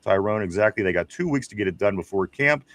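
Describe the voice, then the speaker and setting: A man's voice: fairly low pitch, expressive, fast talker, fairly bright tone, no room sound. A man with a Pittsburgh accent hosting a live sports stream, reading viewer comments aloud in a rambling, casual way. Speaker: podcast host.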